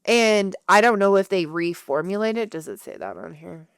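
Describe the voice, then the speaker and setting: A woman co-hosting a podcast in casual chat, telling animated stories full of acted-out quotes and frequent laughter. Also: mid-range voice, normal speed, clear, resonant tone, dry recording, studio quality. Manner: animated storyteller who acts out quotes and laughs often. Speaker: podcast co-host.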